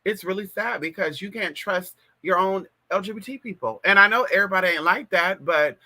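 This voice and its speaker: A woman's voice: medium pitch, brisk, sharp tone. A trans woman in her thirties from California, telling a gossipy story on a casual livestream and talking straight to her viewers with lots of "girl" and "y'all" asides. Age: 30s. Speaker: livestream host. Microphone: plug-in mic on a live stream.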